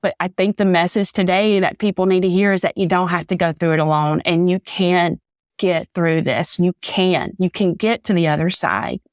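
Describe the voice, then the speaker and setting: A woman's voice: on the low side, moderate pace, no room sound, studio quality. A woman, a podcast guest giving an earnest, faith-filled personal testimony, a little teary. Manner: earnest, faith-filled storytelling, says "y'all".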